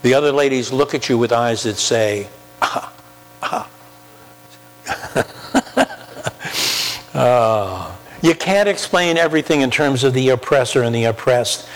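A man preaching a sermon, emphatic, with slow drawn-out pauses and repeated key phrases. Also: mid-range voice. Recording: long hall reverb with faint mains hum.

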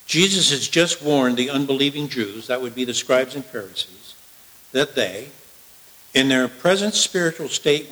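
A male preacher giving a sermon and reading scripture, emphatic, swinging from loud declarations to hushed asides. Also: medium pitch, rough recording.

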